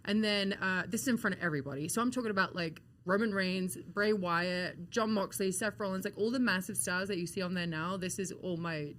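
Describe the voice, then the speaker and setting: A woman with an English accent, an interview guest telling animated, laughing stories with frequent swearing. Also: mid-range voice, brisk, hardly any pauses, slight background noise. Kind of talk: casual storytelling interview. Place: hotel-side event venue in Las Vegas.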